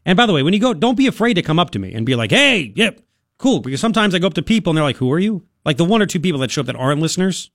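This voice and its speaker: Man, radio talk host, mocking, animated, slightly high voice, dry studio mic. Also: rapid-fire, hardly any pauses, dry recording. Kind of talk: opinionated talk radio monologue. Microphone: studio microphone.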